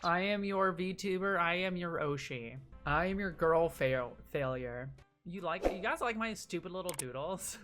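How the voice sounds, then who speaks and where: Rambling young woman VTuber telling a story. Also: lowish voice. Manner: rambling, fast, with laughs and swearing. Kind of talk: casual storytelling. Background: background music.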